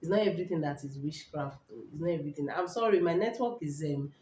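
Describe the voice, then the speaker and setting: A middle-aged woman with a Nigerian accent talks straight to her viewers in a lowish voice, circling back over her points and tagging them with quick checks. She sounds like she is speaking into a phone in a bare room with a strong echo. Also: warm tone, slight background noise. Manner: repetitive, emphatic, storytelling with "all right?" checks. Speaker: health talk host. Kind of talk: casual live talk to viewers. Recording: echoey room.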